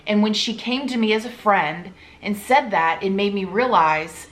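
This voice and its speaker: A woman hosts a relaxed chat with her friends. She talks in a chatty, playful way, and faint noise sits under her voice. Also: mid-range voice, normal speed, rough recording. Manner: warm, chatty, playful asides. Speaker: host. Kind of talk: casual chat.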